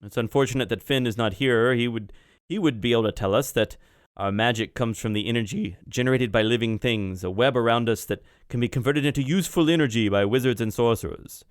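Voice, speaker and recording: A man voicing a cryptic, ageless male being in an adopted body, who asks slow, probing questions in a tabletop game. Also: mid-range voice, dry recording, clean studio sound, close to an everyday voice. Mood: lecturing.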